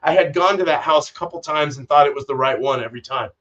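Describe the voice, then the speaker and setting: A man's voice: a little high, fast talker, fairly bright tone. A man hosting a homebrewing livestream, chatting casually in a rambling, profane way. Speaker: homebrewing channel host. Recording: distant, dull lo-fi mic.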